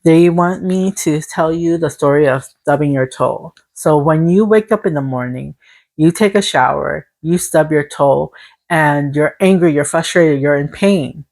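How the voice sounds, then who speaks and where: A tarot reader gives her viewers a casual spiritual reading, sounding encouraging and speaking in long, repetitive lists. Her voice sits low, unhurried and a little mellow.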